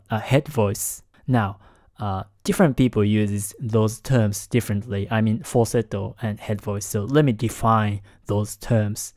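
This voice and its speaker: A man hosting a lesson on singing technique, explaining in a careful, halting way and keeping his voice down because it is late at night. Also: on the low side, a little mellow, no room sound, clean studio sound. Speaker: host analyzing singing technique. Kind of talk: explanatory commentary.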